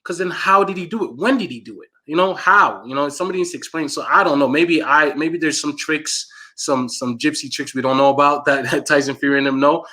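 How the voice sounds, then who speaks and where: A man's voice: fairly high pitch, a little fast, few pauses, sharp tone. A man co-hosting a casual combat-sports podcast, explaining things in a conversational way with plenty of fillers. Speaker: co-host.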